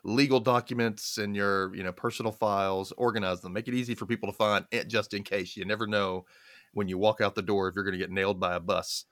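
Quick-talking and low-voiced, this guest animatedly recounts family stories in a casual conversation, often laughing and acting out the voices he quotes. The sound is dry and studio quality.

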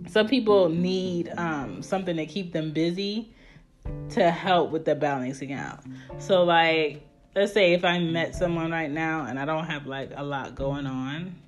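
A woman giving a candid monologue, blunt and heavily profane, laughing now and then between points. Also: fairly low pitch. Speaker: vlogger. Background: guitar music.

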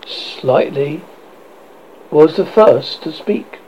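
A narrator reading a storybook aloud, halting now and then with restarts, in a dull lo-fi recording. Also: medium pitch, lively intonation, darkish tone, a little hiss or hum.

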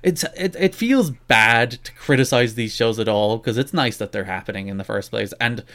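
A man co-hosting a podcast in casual chat, talking quickly and restarting his sentences often. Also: mid-range voice, animated, fairly bright tone. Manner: quick, self-interrupting talk with frequent restarts. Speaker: podcast co-host.

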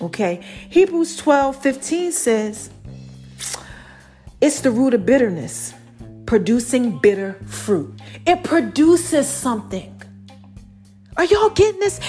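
A woman hosting a podcast, preaching on scripture in a casual, animated way and often checking in with her listeners. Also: high voice. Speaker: podcast host.

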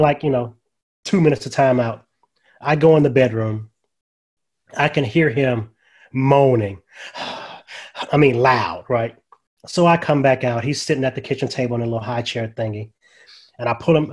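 A man's voice: medium pitch, normal speed. Older male chaplain guest, folksy storyteller, mid-range voice, conversational. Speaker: guest, grief ministry chaplain. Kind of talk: casual storytelling.

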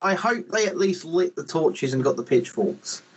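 A man with an English accent hosting a casual podcast. His voice is a little high for a man. He jokes sarcastically and swears freely. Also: animated, moderate pace, husky, poor audio. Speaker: podcast host. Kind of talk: casual chat.

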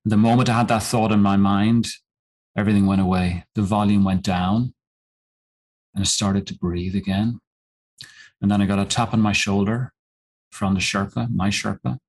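A middle-aged man, a mountaineer and coach, telling a personal story as a podcast guest in a reflective, halting way with many pauses and restarts. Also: on the low side, level tone, rough recording. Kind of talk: storytelling in an interview.

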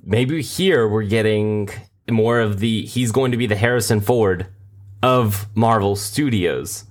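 Low-voiced man in halting chat. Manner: halting, restarts often. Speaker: podcast co-host. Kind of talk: casual chat.

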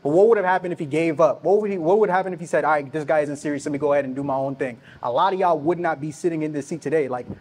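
A man's voice: fairly high pitch, rapid-fire, few pauses, a little mellow, breathy edge. A man hosting a podcast live on a conference stage, speaking earnestly and hyping up the audience. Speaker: podcast host.

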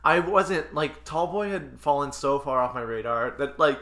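A laid-back man co-hosting a podcast, with dry remarks and lots of fillers. His voice is bright, and it sits in a roomy, echoing space. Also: on the high side, moderate pace. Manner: relaxed, dry, filler-heavy. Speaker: podcast co-host. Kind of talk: casual chat about a TV show. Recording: roomy echoey room.

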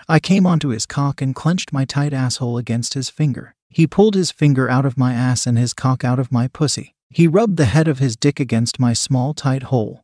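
Male narrator for a read-aloud erotic story, mid-pitched, dry close sound. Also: fairly quick, few pauses, a little mellow, dry recording.

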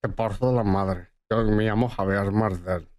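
Guy doing a low, rough Spanish-accented actor impression, mock-tough. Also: fairly even intonation, normal speed, darkish tone, close to an everyday voice. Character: boastful Spanish-speaking male actor, threatening.

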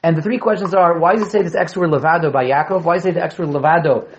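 A man's voice: fairly high pitch, very fast, a little hiss or hum. A man teaching a Torah class, repeating key words, asking his students questions and joking with them. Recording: dull lo-fi classroom recording.

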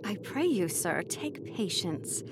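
An actress playing a cold, scheming royal daughter who speaks in a cool, measured, condescending way. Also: female voice, mid-range voice, big pitch swings, background noise.

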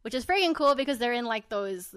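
A young woman co-hosting a pop-culture podcast in excitable, gushing casual chat, laughing often. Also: a little high, fairly quick, clear, resonant tone, no room sound, clean studio sound. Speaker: podcast co-host.

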